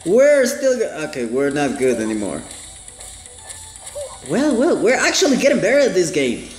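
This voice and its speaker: A man with a high, lively voice gives let's play commentary, breaking into excited exclamations as he plays. He speaks at an unhurried pace in a roomy, echoing space with faint game music behind him. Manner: excitable, exclaims and laughs often. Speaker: gaming channel host.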